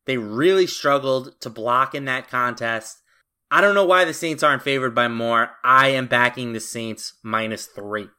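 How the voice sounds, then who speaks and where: A man co-hosting a sports betting podcast, giving his picks in a confident, brisk manner with casual fillers. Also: mid-range voice, pushed and bright, smooth. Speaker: podcast co-host.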